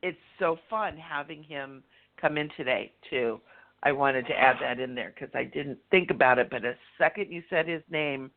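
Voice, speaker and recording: A man co-hosting a casual radio talk show as a medium, bubbly and excitable, full of likes and you-knows. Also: mid-range voice, moderate pace, gravelly. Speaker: co-host and medium. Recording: tinny phone line.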